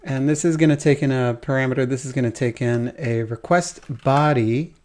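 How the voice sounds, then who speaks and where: A man's voice: medium pitch, moderate pace, darkish tone, slight background noise. A man hosting a code-along programming tutorial, thinking aloud as he types, with keyboard typing behind him.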